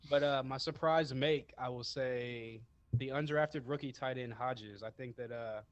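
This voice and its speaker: Male co-host, relaxed and unhurried, slightly lo-fi dry mic. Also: mid-range voice, smooth, no echo. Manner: laid-back, hesitant, lots of fillers. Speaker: podcast co-host. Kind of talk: casual sports podcast chat.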